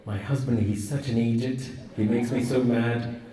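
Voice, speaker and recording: A man's voice: mid-range voice, steady tone, moderate pace, warm tone, distant mic, a little hiss or hum, lightly acted. A man voicing a grumbling older woman at confession who rants indignantly about her family. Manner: gossipy, indignant rant. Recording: roomy echo, voice from afar.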